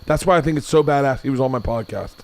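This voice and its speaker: A man's voice: medium pitch, fast talker, gravelly. A man in his forties hosting a podcast, chatting casually, laughing and swearing as he tells stories. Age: 40s. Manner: loud, swearing, laughing storyteller. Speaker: podcast host. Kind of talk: casual chat.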